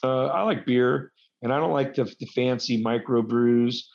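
A man's voice: mid-range voice, moderate pace, vocal fry. Rambling man on a dull, lo-fi recording. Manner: rambling, self-deprecating storyteller. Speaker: guest, wrestler. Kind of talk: casual interview chat.

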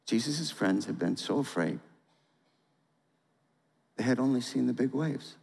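A male pastor giving a sermon, reading a storybook aloud in a dramatic, animated way and asking listeners to respond. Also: mid-range voice, unhurried, vocal fry, breathy edge. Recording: long hall reverb.

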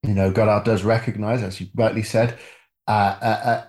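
Low-voiced man in a roomy space. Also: little pitch movement, darkish tone. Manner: measured, hedging, polite. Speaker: podcast co-host. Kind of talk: casual film discussion.

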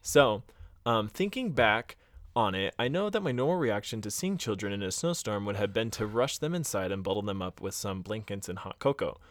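A man on a podcast retells a spooky encounter in a loose, chatty way, slipping into voices for the people in the story. His voice sits fairly low, and the sound is dry and close. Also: animated, normal speed, no room sound. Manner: retells a scary story, acting out quotes, laughing, swearing. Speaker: podcast co-host. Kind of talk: casual storytelling chat.

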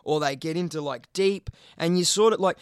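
Young Aussie male co-host, high pitch, dry close sound, sweary rambling casual chat. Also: moderate pace, clear, resonant tone, no echo. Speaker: podcast co-host, video creator.

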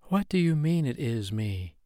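A man's voice: mid-range voice, big pitch swings, measured pace, dark tone, no echo, clean studio sound, pitched above the performer's own voice. A man voicing a young woman on a jungle getaway, incredulous and teasing, lightly raising his voice for her. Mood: curious.

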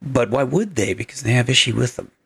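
A man's voice: mid-range voice, lively intonation, fairly quick, gravelly, fairly bright tone, husky, dry recording. A man co-hosting a podcast in casual chat, joking and breaking into playful quips. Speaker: podcast co-host.

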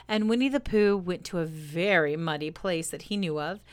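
A woman reading a children's story aloud in a soft, gentle storytelling voice, addressing the listener. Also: on the low side, normal speed, clear, resonant tone.

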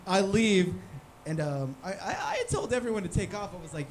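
High lively guy cracking up telling a story, casual podcast chat from a bar. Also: brisk, a little hiss or hum. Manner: storytelling with frequent laughter. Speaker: podcast co-host. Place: sports bar.

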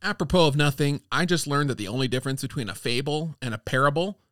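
A man's voice: fairly high pitch, quick pace, no echo, studio quality. A man co-hosting a casual podcast, reading old fables aloud in a playful way and bantering with his co-host. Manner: playful, reads quoted lines with lively voices. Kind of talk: casual chat and storybook reading.

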